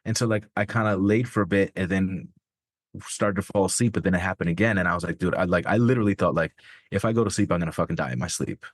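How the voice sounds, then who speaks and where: A man with a very low voice, telling a personal story in loose, candid talk as a podcast guest. He swears freely and leans on "like" and "man". The sound is dry and close. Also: fast, no echo. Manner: casual, profane, many fillers like "man" and "like".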